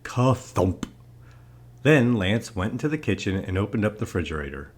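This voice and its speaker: A man narrating a children's picture book aloud in an expressive storyteller manner. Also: fairly low pitch, fast.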